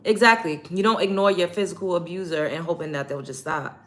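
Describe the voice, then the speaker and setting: Blunt, emphatic low-voiced woman host. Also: fairly quick, fairly bright tone. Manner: emphatic, blunt, repeats points for stress. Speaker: show host. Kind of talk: casual get-ready-with-me livestream talk.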